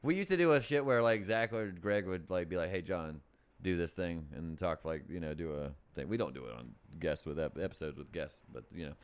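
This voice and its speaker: Male podcast host, animated pitch, rambling jokey delivery, casual chat. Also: brisk, few pauses, clear, resonant tone. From military town in the US. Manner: jokey, rambling, lots of fillers.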